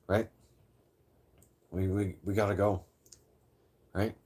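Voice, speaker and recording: A man's voice: low voice, little pitch movement, takes it slowly, darkish tone. Late-thirties male livestream host, casual and profane, rambles through a story with lots of restarts. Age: 30s; late 30s. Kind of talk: casual storytelling to a live chat.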